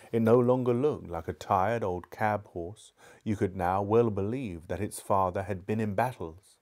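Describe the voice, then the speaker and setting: A man hosting a book club, reading a storybook aloud live in a measured, steady way and chatting casually between chapters. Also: fairly low pitch. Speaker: book club host and reader.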